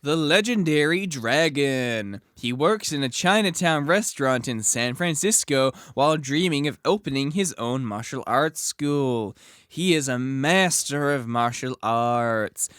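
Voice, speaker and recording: A man's voice: mid-range voice, expressive, measured pace, a bit bright, clean tone, no room sound, clean studio sound. A laid-back young man co-hosting a podcast, making short remarks and reading out a fighter's profile. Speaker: podcast co-host. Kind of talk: casual podcast banter and reading bios.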